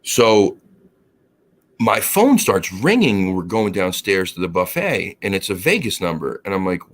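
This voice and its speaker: A man co-hosting a casual chat, telling an animated, profane story and acting out the quotes. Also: low voice, normal speed, a little hiss or hum. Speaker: co-host.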